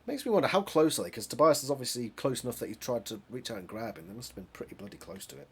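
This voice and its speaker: A man's voice: medium pitch, lively intonation, racing, slight background noise. A British man reading a novel aloud, breaking off into chatty, laughing asides and correcting himself as he goes. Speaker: reader of a book series.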